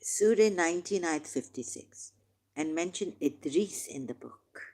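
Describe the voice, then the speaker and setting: A woman reading scripture aloud and commenting on it with passion, slowing down for the verses and pausing with hesitations. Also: lowish voice, expressive, a little mellow. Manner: impassioned, reads verses slowly with hesitations. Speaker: religious commentator.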